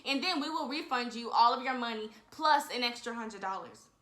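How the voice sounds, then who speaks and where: A pushy, insistent male scam manager on the phone, as a young woman retells him in her own bright voice. He speaks curtly and presses his demands in a casual storytime. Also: a little high, animated, a little fast, echoey room.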